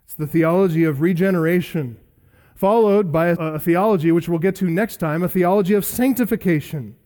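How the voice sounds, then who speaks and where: A man with a rather high voice preaches an expository sermon at a pulpit microphone. He is emphatic, stacks up repeated phrases and draws key words out slowly for weight. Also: dark tone. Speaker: pastor.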